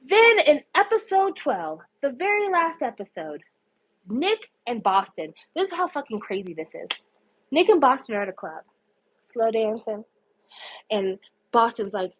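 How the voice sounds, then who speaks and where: This podcast host is a woman whose voice sits on the high side, slightly rough and at normal speed, captured in dull audio. Her show recap is casual and profane; she swears freely, gets animated and indignant, and acts out what the characters said.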